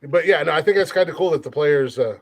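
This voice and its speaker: A man's voice: fairly high pitch, fast. A man hosting a comedy podcast, swearing freely and laughing often. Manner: profane, laughs often, repeats words for jokes. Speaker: podcast host. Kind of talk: crude comedic banter.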